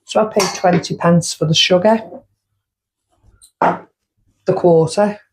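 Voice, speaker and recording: Slow-talking woman, baking vlogger. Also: lowish voice, steady tone, a little hiss or hum, low-quality recording. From United Kingdom. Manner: chatty, counts out costs step by step. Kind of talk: casual cooking vlog.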